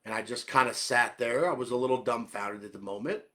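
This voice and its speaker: A man's voice: medium pitch, a little fast, fairly bright tone. A man giving a conversational sermon, repeating and rephrasing his questions and checking in with the listener. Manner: repeats and rephrases questions, direct address with "okay?". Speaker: preacher.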